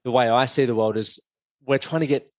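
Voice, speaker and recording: A man's voice: mid-range voice, steady tone, brisk, dry recording. A man hosting a podcast as a coach, speaking frankly and reflectively with casual swearing. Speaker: podcast host, men's performance coach.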